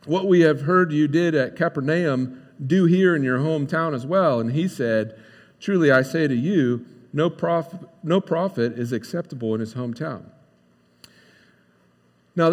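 A man preaching a sermon as pastor, animated and casual, acting out the voices of the crowd. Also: mid-range voice. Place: church sanctuary. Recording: long hall reverb.

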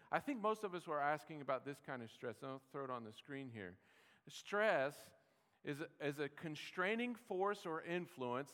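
A man's voice: a little high, fairly bright tone. A man giving a sermon as pastor, in a conversational, easygoing way with restarts and joking asides. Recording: long hall reverb.

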